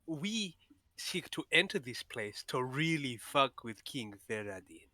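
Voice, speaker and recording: Male player, bright and tense, jokey; dry close mic. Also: mid-range voice, big pitch swings, measured pace, dry recording. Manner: joking, laughs often. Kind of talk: casual tabletop game chat.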